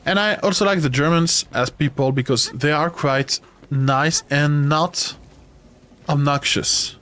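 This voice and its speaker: A man's voice: a little high, a little slow, fairly bright tone. A man with a French accent, a non-native English speaker who grew up in France, chatting casually and rambling with many restarts while streaming a video game.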